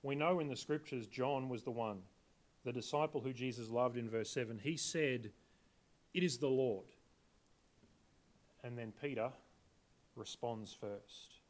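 Male preacher, mid-pitched, chatty sermon delivery that poses questions to the congregation. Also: normal speed. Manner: conversational, asks the congregation questions.

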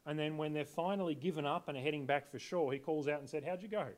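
A man's voice: on the high side, steady tone, fast talker. A man preaching a sermon in a conversational way, often asking his listeners questions. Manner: conversational, asks the congregation questions.

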